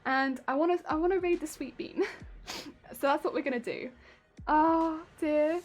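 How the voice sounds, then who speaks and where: High-voiced chatty woman streamer. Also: normal speed, darkish tone. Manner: chatty and rambling, repeats words. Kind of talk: casual live-stream chat while crafting. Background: faint background music.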